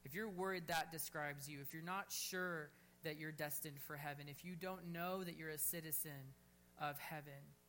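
Fervent pastor with a bright voice. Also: male voice, on the high side, steady tone, normal speed, a little hiss or hum. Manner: fervent, rising to near-shouts on bold exhortations, then quiet and gentle in prayer. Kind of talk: sermon. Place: church service.

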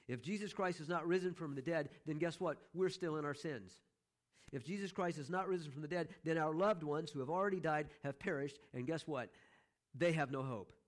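Middle-aged male pastor, slightly high voice, emphatic sermon delivery with repeated refrains. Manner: emphatic, repeats key phrases, slows down for stress.

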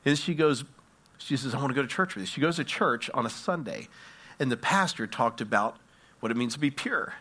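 Bright-voiced preacher man, dramatic delivery. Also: medium pitch, animated, normal speed, slightly rough. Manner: dramatic storytelling, swinging from hushed to loud. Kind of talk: sermon.

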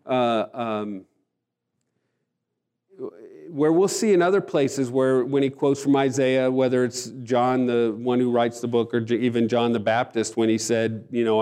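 A man's voice: mid-range voice, fairly even intonation, unhurried, darkish tone, clean tone. A man preaching a sermon, earnest and emphatic, often restarting his phrases. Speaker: pastor.

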